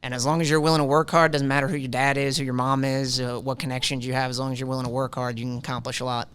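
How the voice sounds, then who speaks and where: A man's voice: medium pitch, flat delivery, rapid-fire, fairly bright tone, smooth. A man from New York, a police union president guest, speaking with a New York accent mixed with some Texas, upbeat and plainspoken. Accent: New York with a bit of Texas. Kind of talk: interview conversation.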